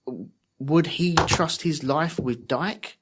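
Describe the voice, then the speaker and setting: A man co-hosting a casual podcast, discussing a TV episode in a thoughtful, measured way. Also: fairly high pitch, very noisy. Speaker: podcast co-host. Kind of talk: casual chat reviewing a TV episode.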